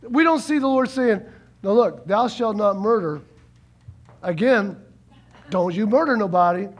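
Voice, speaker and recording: A high-pitched male pastor preaches animatedly, alternating quiet, slow lines with loud outbursts. Repetition gives his words emphasis, and he performs the quotes he cites.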